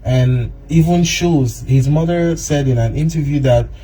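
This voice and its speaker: Man with a dark, mellow voice. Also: on the high side, measured pace, a little hiss or hum, low-quality recording.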